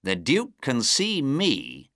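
A man's voice: mid-range voice, huge pitch swings, fairly bright tone, no room sound, clean studio sound, voice pushed up, full character voice. Sherlock Holmes, cool and cold, read by a man. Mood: cool, assured. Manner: crisp, measured, coldly polite. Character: cool, clever male detective, coldly polite.

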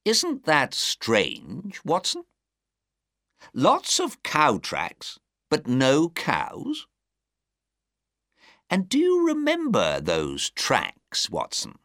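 A man voicing an eager male detective in a storybook reading, full of excited, probing questions. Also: on the high side, drawn-out words, pauses often, no room sound, studio quality, voice pushed up, heavily acted.

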